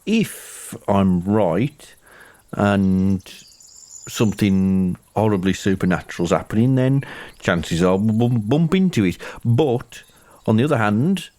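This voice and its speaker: A man's voice: on the low side, darkish tone. A man playing a tabletop game, reasoning out the plan in character. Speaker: player.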